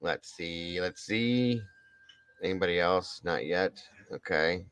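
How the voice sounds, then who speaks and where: A man's voice: sits low, takes it slowly, clear, resonant tone, no echo, rough recording. A man hosting a casual livestream, reading out where viewers are from in a chatty, upbeat way with casual swearing. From Ohio. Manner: reads out viewer shoutouts, chatty. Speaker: livestream host.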